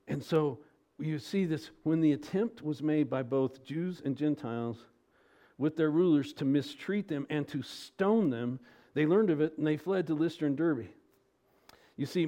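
A man preaching an expository sermon as pastor, asking rhetorical questions, his pitch and loudness rising and falling.

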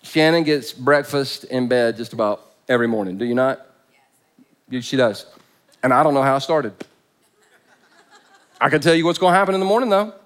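A man's voice: medium pitch, brisk, long pauses, clear, resonant tone. A man preaching a sermon as pastor. He jokes and stresses points by repeating phrases. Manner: joking, emphatic, repeats phrases.

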